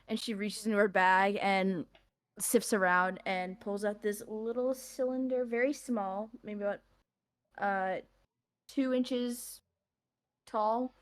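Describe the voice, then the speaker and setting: A woman's voice: medium pitch, steady tone, slow pace. A woman playing in a tabletop game, describing her character's actions in a giggly, rambling way. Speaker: player. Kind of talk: tabletop role-play narration.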